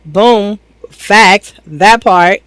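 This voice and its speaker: A woman's voice: medium pitch, very slow, a bit bright, clean tone, no room sound, low-quality recording. Blunt, sassy woman reacting to reality TV. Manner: blunt, sassy, opinionated, slangy. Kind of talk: casual reaction commentary.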